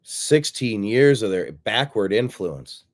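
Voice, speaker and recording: A man's voice: lowish voice, big pitch swings, slow. Combative male political talk host. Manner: combative, sarcastic, repeats phrases for emphasis. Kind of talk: political commentary monologue.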